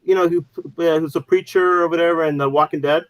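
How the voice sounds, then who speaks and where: A man's voice: a little high, fairly even intonation, quick pace, no echo, poor audio. A man co-hosting a casual podcast, rambling with many fillers and restarts. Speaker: podcast co-host. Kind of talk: casual chat.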